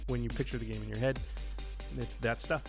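Relaxed chatty man co-hosting a podcast. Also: mid-range voice, brisk, music in the background. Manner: relaxed, chatty, trails off with fillers. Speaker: podcast co-host. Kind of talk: casual chat.

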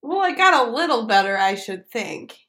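A woman's voice: on the high side, sing-song, normal speed, pushed and bright. A young woman co-hosting a casual podcast, teasing and laughing easily. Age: young adult. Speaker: podcast co-host. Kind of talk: casual chat.

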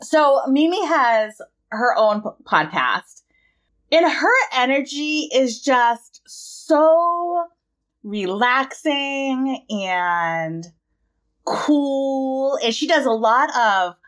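A young woman co-hosting a podcast in casual chat, animated and playful, laughing often. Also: high voice, very slow. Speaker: podcast co-host.

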